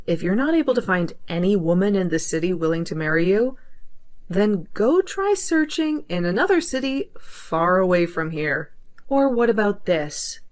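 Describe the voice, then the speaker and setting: A woman playing a betrayed young woman who speaks firmly and coldly to her cheating ex, in a narrated story drama. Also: mid-range voice. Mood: dismissive. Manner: firm, scolding.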